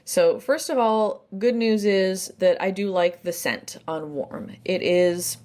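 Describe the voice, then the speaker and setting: Woman, 30s, casual review vlog, chatty, mid-range pitch. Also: takes it slowly, darkish tone, a little hiss or hum. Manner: chatty, detailed, thinks aloud. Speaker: candle reviewer.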